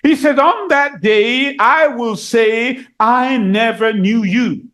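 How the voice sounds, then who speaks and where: A man preaching a sermon, reading scripture aloud and explaining it, repeating key phrases and rising higher and louder for emphasis. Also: takes it slowly.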